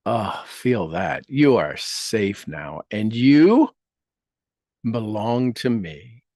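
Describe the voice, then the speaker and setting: A man leading a guided meditation, speaking affirmations slowly and gently, repeating each phrase with soft trailing endings. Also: lowish voice, very animated, no room sound, studio quality. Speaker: meditation leader.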